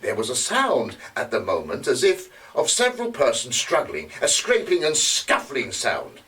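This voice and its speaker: An actor playing a male investigator who reports witness testimony in a live stage drama, often pausing with hesitations. He is recorded from a distance. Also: medium pitch, huge pitch swings, pushed and bright, exaggerated voice. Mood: measured. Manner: halting, with frequent hesitations. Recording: distant mic.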